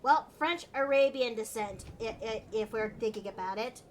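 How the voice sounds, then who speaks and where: A woman's voice: a little high, moderate pace, a little hiss or hum. A woman streaming while she draws, chatting casually, giggling and rambling with many restarts. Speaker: streamer and artist.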